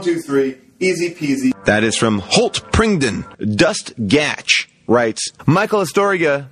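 A man hosting a comedic question-and-answer segment, joking and sarcastic, reading out listener questions and mangling their names. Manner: joking, sarcastic, with sudden swings of pitch. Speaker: podcast host.

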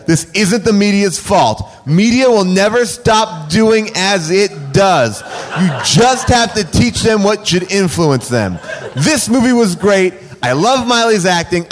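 A sarcastic podcast co-host reads reviews aloud, laughing through them. His voice sits a little high and moves up and down in a lively way. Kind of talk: comedic podcast banter, reading reviews aloud.

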